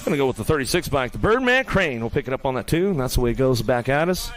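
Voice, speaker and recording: A man calling live BMX races in rapid play-by-play, throwing out nicknames for riders and teasing them as they finish. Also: medium pitch, very animated. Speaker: race announcer. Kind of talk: live BMX race commentary. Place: outdoor BMX race track.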